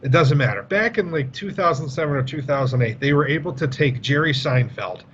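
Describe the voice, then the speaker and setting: A young man co-hosting a gaming podcast, cracking crude jokes with a dry, deadpan delivery. His voice comes over a muffled, dull remote line. A faint hiss sits underneath it. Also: on the high side, fairly quick. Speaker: podcast co-host. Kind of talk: casual chat.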